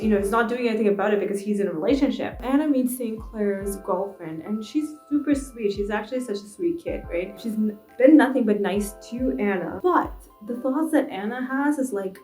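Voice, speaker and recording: A young woman vlogger giving a blunt, exasperated casual book review. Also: mid-range voice. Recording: echoey room with soft music behind.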